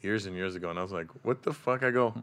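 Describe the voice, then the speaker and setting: A man's voice: low voice, fast talker, fairly bright tone, smooth. A male comedian telling road stories in a casual podcast chat, swearing and acting out the people in them. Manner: swearing storyteller, acts out voices.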